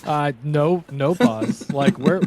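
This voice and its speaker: A man's voice: fairly high pitch, slow, over a noisy crowd. A man playing a character in a tabletop game, answering in a dry, joking, matter-of-fact way. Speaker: player.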